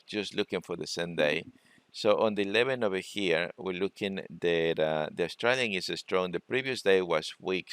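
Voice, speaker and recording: A man presenting a trading webinar, talking through charts in a halting way and often repeating words. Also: sits low, a bit bright, clean tone, dry recording. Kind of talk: screen-share trading lesson.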